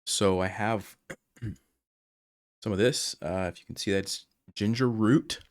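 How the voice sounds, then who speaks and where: A man's voice: on the low side, steady tone, slow, dry recording, studio quality. A young man talking through his own chess game as he plays it, his voice still recovering after he lost it while sick. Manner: explains moves aloud as he plays. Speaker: chess streamer. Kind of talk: casual game commentary.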